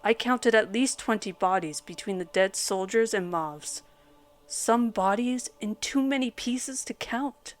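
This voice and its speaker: A woman reading a scripted horror story aloud as its narrator, in a steady storytelling delivery. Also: mid-range voice, measured pace, soft background music.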